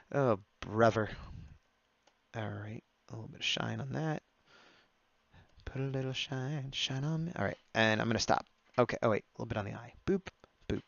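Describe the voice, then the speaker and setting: Dude streaming his drawing, chatty commentary, kinda gravelly, dry muffled mic. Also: on the low side, normal speed, a bit bright, no echo. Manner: chatty running commentary, often laughing at his own jokes. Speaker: livestreaming artist taking drawing requests. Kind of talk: casual livestream chat while drawing.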